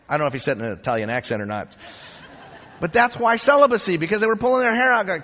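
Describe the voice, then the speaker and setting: A man preaching a sermon and teaching church history in an animated, humorous, conversational way. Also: high voice, very fast. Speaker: pastor. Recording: dull echoing hall sound.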